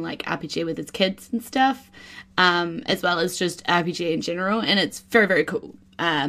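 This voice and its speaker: A woman hosting her own podcast in a casual, chatty way, laughing often and quickly getting excited. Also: on the low side. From New Zealand. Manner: bubbly, laughs often, gets giddy with excitement. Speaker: podcast host. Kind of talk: casual solo podcast chat.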